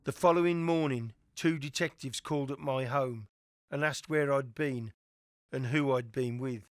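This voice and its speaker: A man giving measured, scripted documentary narration. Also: mid-range voice, no room sound.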